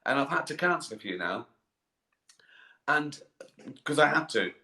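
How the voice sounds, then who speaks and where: A man's voice: a little high, very animated, a little slow, sharp tone. A middle-aged man chatting on a live stream from his bath, rambling, swearing and chuckling, tired and sleepy. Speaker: comedian hosting a live stream. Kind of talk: casual live-stream chat. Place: in a bath, bathroom. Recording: echoey bathroom.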